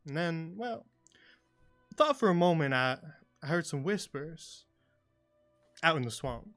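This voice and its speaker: A man's voice: on the high side, expressive, a little slow, fairly bright tone, faint music behind, pitched above the performer's own voice. A man voicing an evasive, folksy middle-aged innkeeper with a put-on Southern drawl, hesitant and rambling.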